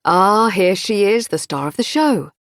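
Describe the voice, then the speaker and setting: A woman's voice: mid-range voice, expressive, measured pace, dry recording, studio quality. A woman voicing a cheerful male detective colleague in an audiobook. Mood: jovial. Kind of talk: audiobook narration.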